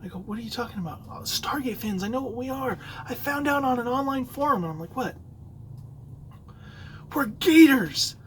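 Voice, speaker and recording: A man's voice: very high-pitched, expressive, fast talker, hardly any pauses, fairly bright tone, a little hiss or hum, poor audio. A man hosting a solo podcast, telling a rambling story with many fillers and restarts. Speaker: podcast host. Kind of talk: casual solo podcast talk.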